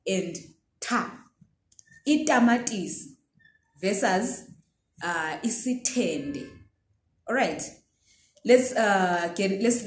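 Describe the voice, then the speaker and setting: A woman's voice: medium pitch, darkish tone, reverberant. A woman teaching pronunciation, patiently checking in with her listeners as she goes. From Zimbabwe. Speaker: language teacher. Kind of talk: pronunciation lesson.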